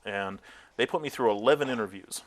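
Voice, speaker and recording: A man's voice: on the low side, fairly quick, a little hiss or hum. A man interviewed as a tech company founder, telling candid stories about his career with frequent fillers and laughing at himself.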